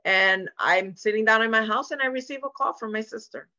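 Appearing as a guest on a frank sit-down podcast, this woman shares her personal story earnestly and emotionally, acting out what others said. She talks fairly quickly in a higher, sharp-toned voice, with the top frequencies cut off.

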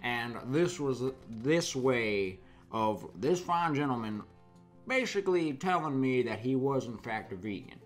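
A man telling a comic story in a deadpan, mock-folksy way, rambling and restarting often. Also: medium pitch, a little slow, soft background music. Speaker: comedic storyteller.

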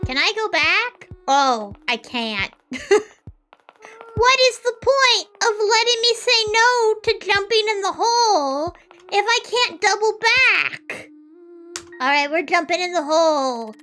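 A young woman gives live gameplay commentary in a very high, bright voice. She talks at an unhurried pace, joking and mocking herself. Her delivery is chaotic and playful. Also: lively intonation. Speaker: horror game streamer.

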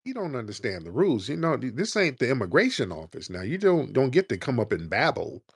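Brief: male talk-radio host, blunt and confrontational, lively delivery, dry booth sound. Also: medium pitch, brisk, vocal fry, husky, no room sound. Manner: blunt, mocking, profane.

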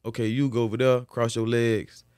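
A man tells a story in a loose, profane, animated way, marking each turn of events with a repeated beat word. His voice sits at a middle pitch. It comes through a close, dry podcast mic. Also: normal speed, clean tone, no room sound. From Florida. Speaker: guest, former football player. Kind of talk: casual storytelling interview.

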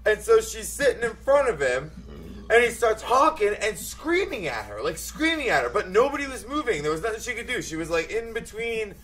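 High bright-voiced profane male storyteller. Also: very animated, brisk, a little hiss or hum, poor audio. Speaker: podcast co-host. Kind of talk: casual storytelling chat.

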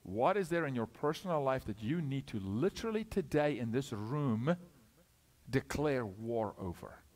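A middle-aged man preaching a sermon, moving from loud urgent calls to hushed asides, asking questions and acting out short exchanges. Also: medium pitch, animated, moderate pace. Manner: asks questions, acts out dialogue. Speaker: guest preacher.

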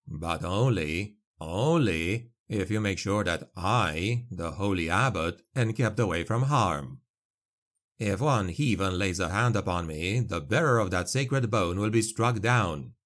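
A man voicing a sly, scheming peasant man who poses as a holy abbot, speaking low and hushed in an audiobook. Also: expressive, unhurried.

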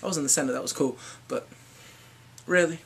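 A man giving a casual fan recap vlog, excitable and swinging between whispers and shrieks. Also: medium pitch, racing, gravelly, husky. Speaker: fan vlogger.

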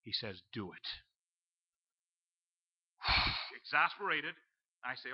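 A man preaching a storytelling sermon in church, acting out his own panic and dropping to a low hush for the voice of God. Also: expressive, a little fast, long pauses. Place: church sanctuary. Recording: dull lo-fi live stream.

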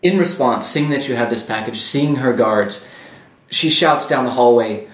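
A man as game master, narrating a tabletop game calmly, with fillers. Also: medium pitch, moderate pace. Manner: calm descriptive narration with fillers. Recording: echoey room, mic at a distance.

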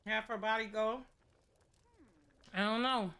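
A woman's voice: a little high, steady tone, takes it slowly, sharp tone, clear, resonant tone. A young woman streaming a life-sim game, joking with her chat in a playful, slangy, casual way. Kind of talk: casual gameplay commentary.

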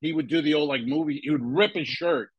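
A man's voice: a little high, fairly quick, breathy edge, dry recording, highs cut off. Man telling a rambling crude story. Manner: rambling anecdote with crude jokes. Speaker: podcast co-host; stand-up comedian. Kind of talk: casual storytelling.

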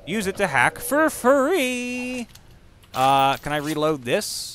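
A man giving profane, excitable live commentary while playing a video game and yelling at what happens on screen. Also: fairly high pitch, slow, a little hiss or hum. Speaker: gaming streamer.

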